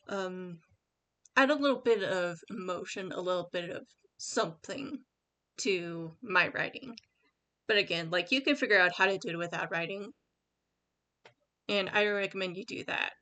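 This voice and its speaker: A woman's voice: medium pitch, sharp tone. A woman giving casual writing advice as the host of her own channel, rambling with many fillers and restarts. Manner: reads her own sample paragraph aloud. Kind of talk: casual screen-share tutorial.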